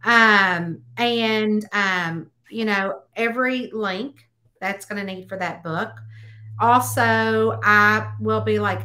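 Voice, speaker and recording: A middle-aged woman author chatting casually, telling stories and acting out the people in them with lively quoted voices. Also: slow pace. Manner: animated storyteller, acts out quotes in a high voice. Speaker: mystery author, host. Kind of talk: casual chat.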